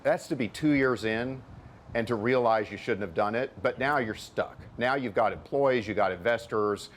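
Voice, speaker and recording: A man's voice: mid-range voice, moderate pace, slight background noise. A middle-aged man, a venture capitalist and author, answering interview questions in an explanatory way, often repeating words as he builds a point.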